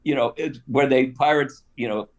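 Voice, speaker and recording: An older man telling a story casually on a live stream, animated, with laughs and asides. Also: mid-range voice, normal speed. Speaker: guest actor telling stories.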